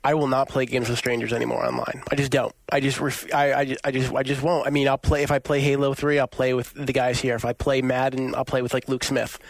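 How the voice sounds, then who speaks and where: A man's voice: medium pitch, level tone, fast, vocal fry, few pauses, dry recording. A man on a gaming podcast who states his opinions bluntly and firmly. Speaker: podcast co-host. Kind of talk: casual chat about video games.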